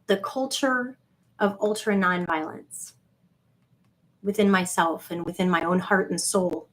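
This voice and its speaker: A woman, rambling on a livestream, swinging between gushing greetings to viewers and low confiding asides. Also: unhurried, a bit bright. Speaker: livestream vlogger.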